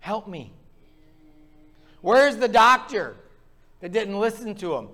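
Male pastor, fiery sermon delivery, high-pitched voice, rants from the pulpit. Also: expressive, unhurried, bright, forceful tone. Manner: impassioned, ranting, pounding the pulpit.

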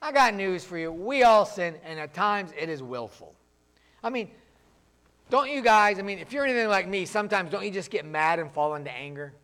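A man's voice: high voice, expressive, fairly quick, a bit bright, clear, resonant tone. A man preaching a sermon as pastor, in a plainspoken, conversational way, acting out voices of the people he quotes.

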